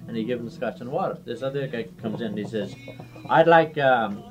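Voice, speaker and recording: A man's voice: medium pitch, steady tone, racing, a little mellow, lo-fi sound, faint music behind. A man from Ireland, a musician, telling jokes and laughing through his punchlines in casual talk.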